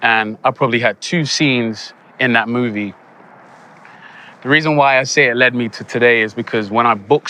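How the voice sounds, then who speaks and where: Bright-voiced young man. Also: mid-range voice. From England. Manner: animated, laughs often, acts out quoted lines. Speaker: actor guest. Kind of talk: casual interview storytelling.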